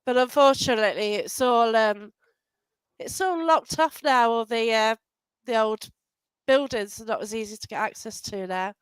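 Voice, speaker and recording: A woman's voice: fairly high pitch, normal speed, clean tone, no room sound, poor audio. A woman hosting a live online chat show, greeting viewers and chatting casually, with frequent laughs. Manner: warm greetings to viewers, animated, laughs often.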